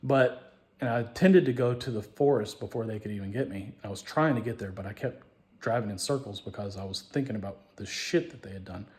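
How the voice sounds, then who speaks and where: A man telling a long personal story in a rambling, profane way, restarting and repeating himself, dropping to mutters and rising to loud outbursts. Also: on the low side, brisk. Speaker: show host.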